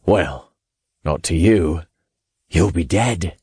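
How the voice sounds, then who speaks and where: A man's voice: sits low, lively intonation, slow, a little mellow, husky, no echo, clean studio sound, heavily acted. A man voicing a smug male paranormal celebrity who drawls and sneers.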